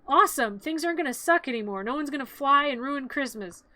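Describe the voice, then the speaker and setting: A woman's voice: high voice, lively intonation, fast, sharp tone, dry recording. A woman streamer voicing a fretful ragdoll woman in a film retelling, urgent and pleading.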